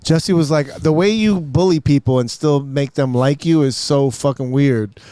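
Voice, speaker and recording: A man's voice: on the high side, moderate pace, warm tone, no echo. A young man from New Jersey chatting on a podcast, telling profane stories and laughing as he goes. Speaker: podcast guest. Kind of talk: casual podcast chat. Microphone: studio mic.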